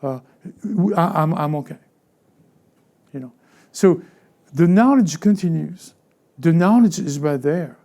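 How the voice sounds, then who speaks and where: A man's voice: a little high, animated, measured pace, long pauses, mellow. A man preaching as lead pastor in a conversational sermon, with frequent stammered restarts and repeated words. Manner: conversational preaching, acting out everyday voices.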